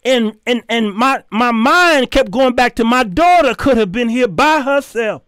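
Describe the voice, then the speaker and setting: A middle-aged man, hosting his show and telling a story in an animated, preachy way with sudden shouts. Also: extremely high pitch, measured pace, clean tone, no echo, clean studio sound. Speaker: show host. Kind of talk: storytelling commentary.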